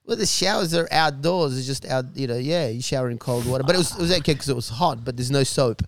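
A man telling a long story in casual chat, animated and profane, with many restarts and laughs. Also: medium pitch, fast, slight background noise. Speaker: guest telling stories.

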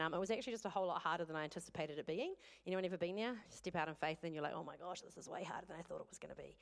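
A woman's voice: medium pitch, fairly bright tone, clear, resonant tone. A woman pastor, preaching a sermon in a candid, conversational storytelling way.

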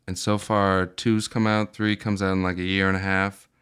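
Here a man with a lowish, smooth and clear voice talks films in an easygoing podcast chat. He drops dry, wry jokes with a relaxed, offhand delivery. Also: moderate pace. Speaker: podcast co-host. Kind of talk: casual chat about movies.

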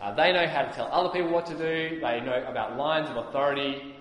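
A male preacher delivers a sermon in a mid-range voice, earnest and explanatory, often pausing on "uh". The sound carries a long, roomy hall reverb, as if heard across a church. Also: mid-range voice, a bit bright. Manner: earnest, explanatory, frequent "uh" pauses.

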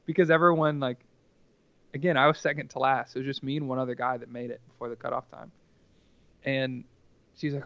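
A man's voice: medium pitch, flat delivery, a little fast, long pauses, a bit bright, clean tone, no room sound, muffled recording. A man telling a personal story casually as a podcast guest, rambling and earnest, with lots of filler words.

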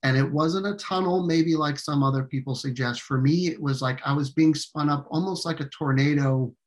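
A man with a fairly high-pitched voice tells a personal story during an interview. He comes across as earnest and halting, filling pauses and often starting over.

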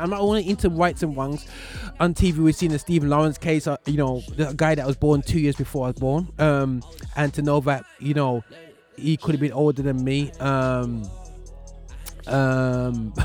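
A man's voice: fairly high pitch, a little mellow. A man in his forties hosting a casual radio show from a small studio, talking in a loose, rambling way with slang.

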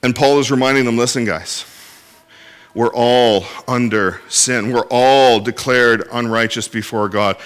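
A man's voice: medium pitch, fairly even intonation, unhurried, hardly any pauses, fairly bright tone, clean tone. A man preaching a sermon as pastor, earnest and direct with the congregation, often restarting his phrases. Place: church in Inverness.

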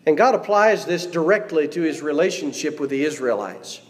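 Man, preacher, sermon, scripture reading, questions to the congregation, high-pitched, long hall reverb. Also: expressive, moderate pace. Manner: reads scripture aloud and poses questions to the congregation. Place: church sanctuary.

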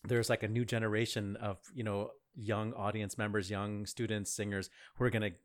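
A man's voice: lowish voice, level tone, normal speed. A man co-hosting a podcast, chatting casually about opera with many fillers and easy laughs. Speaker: podcast co-host.

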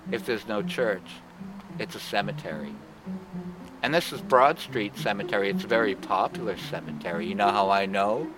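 A man guiding a ghost tour, telling folksy stories and punchline jokes, with loud music behind. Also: lowish voice, moderate pace, noisy background. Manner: punchline-driven, folksy, laughs at own jokes. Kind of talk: joking storytelling tour talk.

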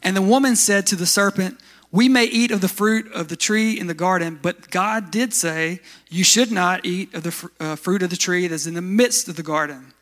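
A man's voice: sits high, normal speed, a bit bright. A man pastor giving a conversational sermon, often asking his listeners questions and answering them himself. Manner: conversational, asks the congregation questions.

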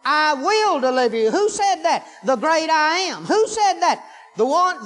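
A man's voice: very high voice, big pitch swings, normal speed, fairly bright tone. A man preaching a sermon, telling folksy stories and breaking into fervent hallelujahs. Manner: folksy storytelling, rising into fervent exclamations. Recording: long hall reverb.

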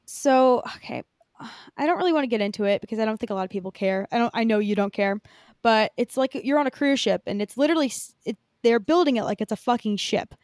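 A woman's voice: fairly high pitch, quick pace, a little mellow, no echo, studio quality. A young woman co-hosting a podcast in casual chat, rambling with lots of fillers and casual swearing. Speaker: podcast co-host.

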